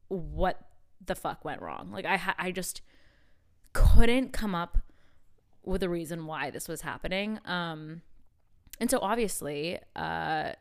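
A young woman co-hosting a podcast, telling a dating story in candid casual chat with many fillers. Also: lowish voice. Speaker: podcast co-host.

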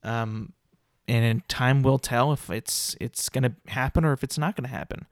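A man's voice: medium pitch, fairly even intonation, moderate pace, dry recording. A man hosting his own solo podcast, ranting in an exasperated way with many fillers and restarts, close to the mic. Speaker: podcast host.

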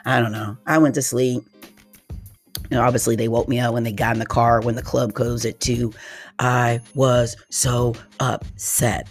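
A woman hosting a solo podcast, telling a personal story in an animated way, with frequent exclamations and laughing at herself. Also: extremely low pitch. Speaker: podcast host.

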